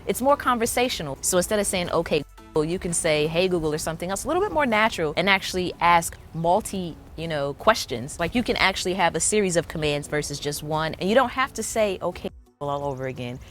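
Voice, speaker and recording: A woman hosting a casual tech vlog, chatty and excited, often saying "like". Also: on the low side, fast, hardly any pauses, soft background music. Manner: chatty, enthusiastic, lots of "like" fillers. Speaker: tech vlogger.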